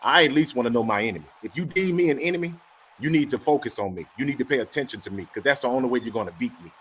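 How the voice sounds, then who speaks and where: A man's voice: medium pitch, expressive, rapid-fire, a bit bright, a little hiss or hum. A man in casual chat, telling a story animatedly and acting out both sides of the dialogue.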